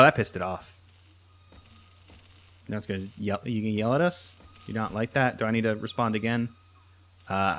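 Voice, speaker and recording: Slow, rambling young man playing a game. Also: lowish voice, fairly bright tone, slight background noise. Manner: rambling, thinking aloud, frequent restarts and fillers. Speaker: let's play host. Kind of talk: casual gameplay commentary.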